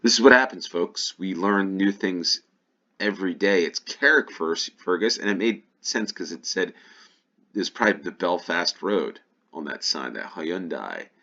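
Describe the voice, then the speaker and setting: A man's voice: sits low, lively intonation, measured pace, pushed and bright, lo-fi sound. An American man giving casual play-along commentary on a game, musing aloud and thinking to himself. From United States. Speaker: gaming YouTuber.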